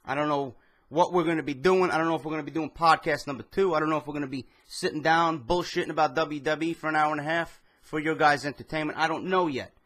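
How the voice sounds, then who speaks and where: Swearing New guy, bright tense voice. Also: on the high side, steady tone, fast. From New York. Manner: heated, swears constantly, storytelling rant. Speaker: wrestling commentary vlogger. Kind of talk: profane ranting monologue.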